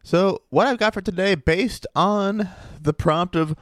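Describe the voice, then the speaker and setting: A man co-hosting a casual podcast, reading out odd stories in a wry, animated way. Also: high-pitched, measured pace, no room sound, studio quality. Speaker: podcast co-host.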